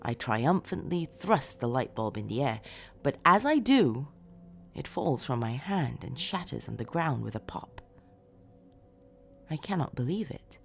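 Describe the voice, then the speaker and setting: A woman narrating a first-person horror story in a dramatic, expressive way, moving between hushed lines and shouts. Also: extremely low pitch, a little slow, gravelly, soft background music.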